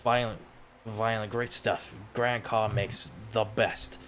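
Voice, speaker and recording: A man's voice: on the low side, little pitch movement, slow pace, a bit bright, a little hiss or hum. A man voicing a twitchy, stammering male drug peddler who repeats himself nervously. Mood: jittery.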